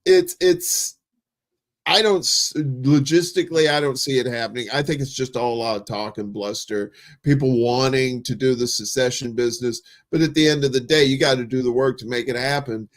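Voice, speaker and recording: A man's voice: medium pitch, moderate pace. A man chatting as a podcast guest, laid-back and rambling, swearing freely. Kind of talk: casual podcast chat.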